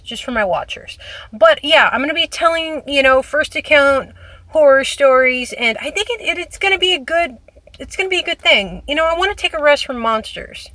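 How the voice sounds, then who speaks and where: A woman in her late twenties hosts a casual storytime vlog in an animated, chatty way, acting out the quotes as she goes. Her voice is bright and a little high. It sounds close and dry. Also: dry recording. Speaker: storytelling channel host. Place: parking lot.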